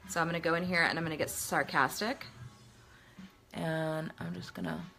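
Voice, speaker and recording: A woman's voice: low-pitched, very animated, moderate pace, bright, forceful tone, faint music behind. A middle-aged woman chatting casually through a makeup tutorial, self-deprecating and talking as she works. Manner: chatty, self-deprecating, talks while working. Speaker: makeup vlogger.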